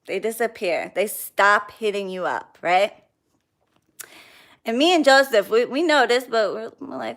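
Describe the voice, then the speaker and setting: A woman's voice: fairly high pitch, measured pace, creaky, fairly bright tone. Blunt woman venting on a livestream. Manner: blunt, venting, reads out viewer names and swears freely. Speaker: spiritual practitioner hosting a livestream. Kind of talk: casual livestream chat.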